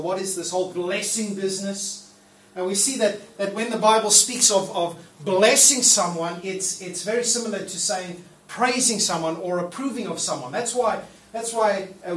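Faint noise and echo come through a distant mic as a pastor preaches in a church hall. His voice is high-pitched and fairly bright at normal speed, and his playful, casual delivery includes acting out the prayers he quotes.

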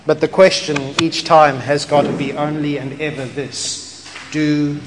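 A man preaching a sermon, impassioned, swinging between loud and hushed lines. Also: on the high side, level tone, a little slow. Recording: echoey hall with noise.

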